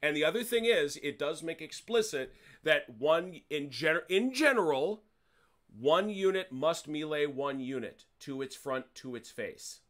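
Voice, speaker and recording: Man, fairly high voice, hosts a wargame and explains the rules casually with dry jokes. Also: lively intonation, unhurried, fairly bright tone. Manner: chatty, self-correcting, wry jokes.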